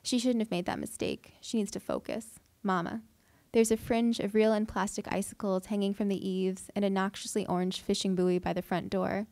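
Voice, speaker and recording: A woman reads her own fiction aloud in a measured, deliberate way, her voice sitting at a middling pitch. The sound is close and dry, with almost no room around it. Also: level tone, dark tone, no echo. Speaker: fiction writer reading her work. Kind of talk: literary reading aloud. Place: event hall.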